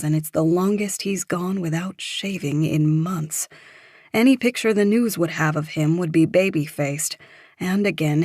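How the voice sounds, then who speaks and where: A woman narrating a psychological thriller audiobook in a steady, measured storytelling voice. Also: sits low, dry recording, clean studio sound.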